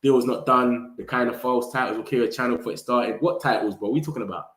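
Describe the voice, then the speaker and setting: A man hosting a fan live stream, reading comments in slangy, animated chat. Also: medium pitch, fast talker, roomy sound. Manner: slangy, animated, hypes viewers. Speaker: fan channel host.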